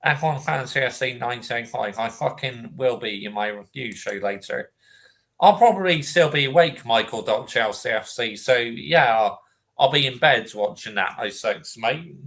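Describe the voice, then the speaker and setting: A man hosting a relaxed reaction stream, reading out chat messages and chatting casually. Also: medium pitch, normal speed, gravelly. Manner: laid-back, reads out chat messages.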